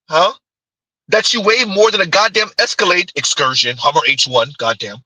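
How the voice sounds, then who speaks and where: A man's voice: sits high, normal speed, sharp tone, slightly rough, no echo, rough recording. A man streaming casual commentary on clips, mocking and giggling as he rambles.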